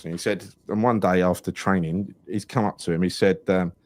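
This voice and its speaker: A man's voice: low voice, normal speed, no echo. A man, a podcast host rambling through anecdotes in casual chat and acting out the people in his stories. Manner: rambling anecdotal storyteller, animated retelling with quoted voices.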